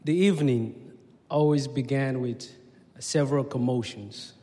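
A man from Leone, telling stories in a talk in measured, unhurried short phrases. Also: medium pitch, dark tone. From Sierra Leone. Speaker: speaker. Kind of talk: storytelling talk. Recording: long hall reverb.

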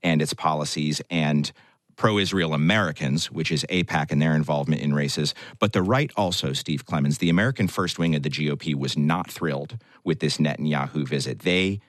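A man hosting a public radio news talk show, speaking in a conversational, measured way with light jokes. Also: rumbling low, no room sound, clean studio sound. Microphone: studio microphone.

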